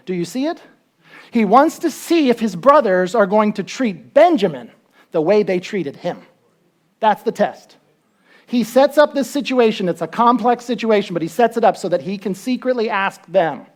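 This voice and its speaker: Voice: medium pitch, moderate pace. A pastor giving a sermon in a conversational way, asking the listeners questions and acting out the story as it goes. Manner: animated storytelling, acts out quotes.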